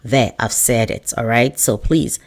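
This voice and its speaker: A woman career coach talks straight to the camera. She is chatty and animated, and she drops joking asides into her advice. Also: very deep voice, unhurried. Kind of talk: direct-to-camera advice talk.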